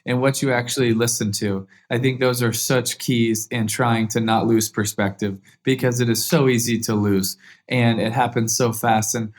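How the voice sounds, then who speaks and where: A man in his thirties tells a long story as a podcast guest, earnest and heartfelt, stumbling over restarts as he goes. His voice sits at an ordinary middle pitch for a man. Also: steady tone, normal speed. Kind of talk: storytelling interview answer.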